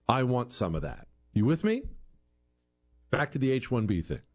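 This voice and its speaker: Guy doing a talk monologue, pitch all over the place, keeps restarting words. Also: moderate pace. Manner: animated, rhetorical questions, acts out quoted voices; repeats words when restarting. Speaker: commentary show host. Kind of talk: opinion monologue.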